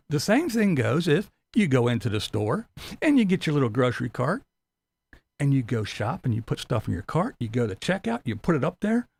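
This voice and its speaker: A man's voice: mid-range voice, sing-song, brisk, creaky, darkish tone, no room sound. A middle-aged man hosting a commentary channel, talking in a blunt, profane, mocking rant and acting out silly voices. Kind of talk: ranting commentary vlog.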